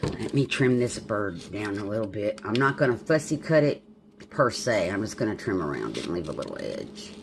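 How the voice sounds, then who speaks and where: Her voice is extremely low and creaky, with big pitch swings at a normal speed, set against a noisy background. A woman with a Southern accent, she casually chats while making a journal at home, musing aloud and digressing.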